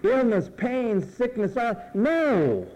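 A man's voice: very high-pitched, very animated, slow pace, a little mellow, a little hiss or hum, poor audio. A male pastor preaching a sermon emphatically, drawing out phrase endings and letting them fall.

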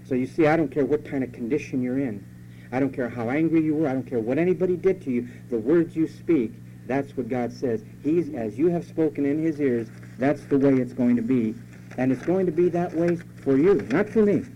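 Brisk and dark-toned at a medium pitch, a male pastor preaches with emphasis, circling back to key phrases and asking his listeners rhetorical questions. A faint hum runs through the dull, lo-fi sermon recording.

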